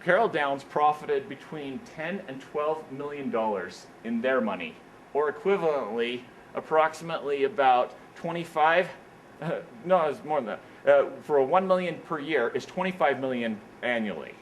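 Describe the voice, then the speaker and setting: A man giving a motivational speech at an engineering career event, telling stories in an animated way and often repeating "what happens is, is that", in an indoor meeting room. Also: medium pitch, moderate pace, slight background noise, rough recording.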